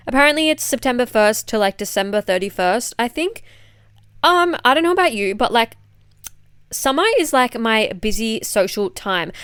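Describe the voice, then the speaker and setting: A woman's voice: mid-range voice, fairly bright tone, clear, resonant tone, no room sound, clean studio sound. A woman with an Australian accent, a fitness coach and podcast host who is a bit unwell, talking in a blunt, chatty, swear-heavy way. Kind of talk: casual chat monologue.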